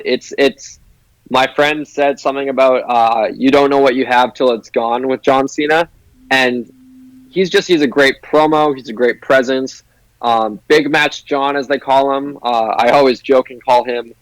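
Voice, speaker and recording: A man's voice: mid-range voice, no echo, low-quality recording. A young man, a broadcasting student, talking eagerly as an interview guest, with restarts and "like". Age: young adult. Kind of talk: casual interview chat.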